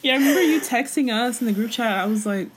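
A woman's voice: fairly high pitch, fast talker, background noise. A woman listening in a casual chat, reacting with short exclamations and frequent laughter.

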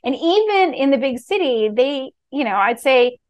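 Bubbly middle-aged woman from key west, kinda high voice, acts out the voices in her stories. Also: expressive, normal speed. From Key West, Florida. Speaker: real estate executive, podcast guest. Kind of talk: casual storytelling interview.

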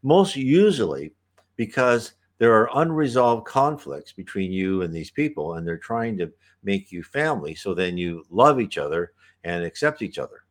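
A man hosting a talk that answers viewer questions, speaking in a relaxed, rambling way, restarting sentences and clearing his throat. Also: lowish voice, normal speed. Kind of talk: casual spoken advice talk.

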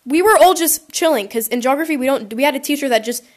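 A woman's voice: sits high, expressive, fast talker. A woman podcast host chatting casually and reacting to listener confessions, rambling and acting out quotes in silly voices, on a poor quality mic.

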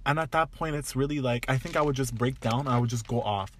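A man from Toronto, Canada, co-hosts a casual podcast chat at a fast clip in a medium-pitched voice. He is blunt and emphatic, swears freely, and gets heated.

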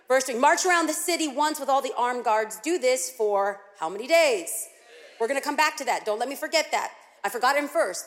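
A woman with a high, bright voice preaches in a church sanctuary, her words trailing off into a long hall reverb. She is animated and playful, leaning hard on key phrases to make her points. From United States. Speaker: guest preacher. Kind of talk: sermon.

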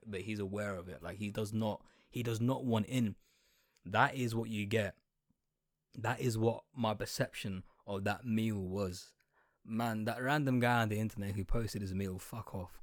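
A man's voice: lowish voice, dry recording. Swearing, ranting man with a dry close sound. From outside Britain. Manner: exaggerated, swearing, talks straight to the listener. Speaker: comedic commentator. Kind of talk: profane comedic rant.

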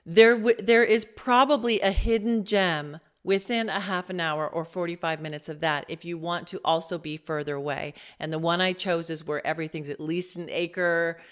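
A middle-aged woman, a guest in a casual interview, talking in a warm and enthusiastic way. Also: on the low side, steady tone, normal speed, few pauses.

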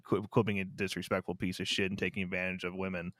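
A man's voice: low-pitched, monotone, quick pace, fairly bright tone, no room sound, studio quality. Blunt, swearing man on a podcast. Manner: loose, blunt, swears freely. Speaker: podcast co-host. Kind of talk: casual film review chat.

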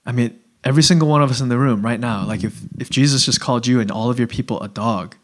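A man delivers a sermon to a room, talking in a loose, everyday way with plenty of "like" and restarts. His voice sits at an ordinary middle pitch and often sinks to a quiet, earnest hush. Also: fast. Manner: conversational preaching full of "like", restarts and sudden drops to a hushed voice. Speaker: preacher.

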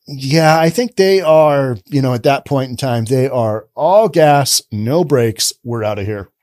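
A man's voice: medium pitch, takes it slowly, a little mellow, dry recording, studio quality. A man hosting a podcast, commenting sarcastically on news stories he reads aloud, often repeating himself. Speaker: podcast host.

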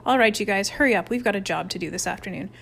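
A woman's voice: medium pitch, rapid-fire, gravelly, fairly bright tone, a little hiss or hum. A woman voicing a stern, snappish young male camp counselor in an audiobook reading. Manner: snappish and exasperated.

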